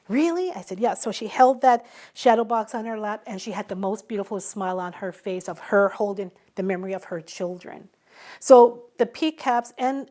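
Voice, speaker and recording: A middle-aged woman who teaches a traditional craft, telling stories in an unhurried conversational way and acting out the dialogue she quotes. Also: medium pitch, darkish tone. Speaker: Mi'kmaw craft teacher and guest speaker. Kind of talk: storytelling in a recorded conversation.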